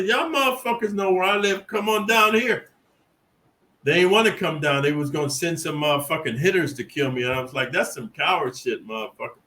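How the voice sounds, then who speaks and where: In a rough recording, a medium-pitched, slightly bright male voice recounts prison stories. The speaker, a middle-aged Californian, delivers a streetwise, boastful, meandering monologue laced with profanity.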